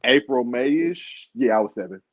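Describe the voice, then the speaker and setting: A man's voice: medium pitch, expressive, measured pace. A man in his early thirties bantering boisterously in a casual watch-along chat with friends. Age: early 30s. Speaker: podcast co-host. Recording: dull dry sound.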